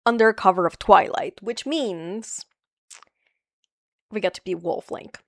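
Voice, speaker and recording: A woman streaming a video game, chatting casually with viewers, animated and playful, laughing often and swearing freely. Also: medium pitch, takes it slowly, gravelly, dry recording, studio quality. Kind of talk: casual live-stream chat reading viewer comments.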